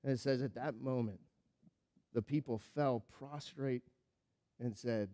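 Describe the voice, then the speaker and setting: Animated preacher with a mellow voice. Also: male voice, medium pitch, measured pace, long pauses. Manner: animated storytelling, acting out the characters with big swings in loudness; drops to a quiet, earnest tone when applying the lesson. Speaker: pastor. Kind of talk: sermon.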